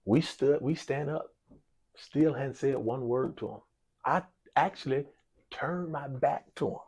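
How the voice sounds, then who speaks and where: With a mid-range, slightly rough voice and a somewhat slow delivery, a basketball coach relates a long personal story in an interview. He plays out the dialogue in an animated way, with lots of repetition and frequent "y'all."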